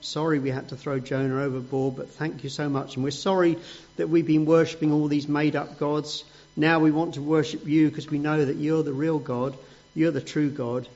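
A man voicing a group of humble sailors who speak softly and earnestly, in a dull lo-fi recording. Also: fairly high pitch, flat delivery, normal speed, lightly acted. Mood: grateful. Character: grateful humble male sailors.

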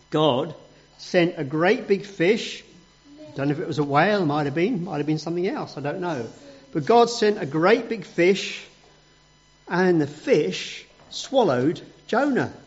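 A man telling a story to a group of children in an animated, playful way. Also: a little high, unhurried, dull audio.

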